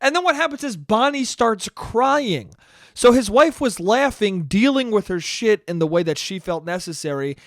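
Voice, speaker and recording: A man's voice: sits high, sing-song, moderate pace, dry recording, clean studio sound. A young man hosting a solo podcast, ranting casually with exasperation and plenty of profanity. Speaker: podcast host.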